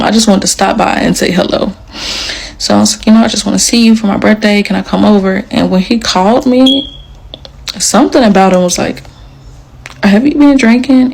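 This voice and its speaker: A woman's voice: medium pitch, creaky, darkish tone, low-quality recording. A young adult woman casually telling a personal story, chatty and leaning on "like" as she acts out what people said. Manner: chatty, leans on "like", acts out quotes. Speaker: storyteller sharing a personal account.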